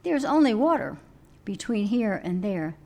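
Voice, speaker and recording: A woman's voice: medium pitch, big pitch swings, unhurried, vocal fry, warm tone, full character voice. A woman voicing a stern, self-important male hermit monk while telling a story in a sermon. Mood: protesting.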